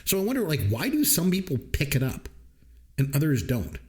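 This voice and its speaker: A middle-aged Canadian man co-hosts a podcast, casually chatting about a movie in a slightly high voice at a slightly fast pace. He tells stories animatedly, quoting people in different voices during this movie-review chat.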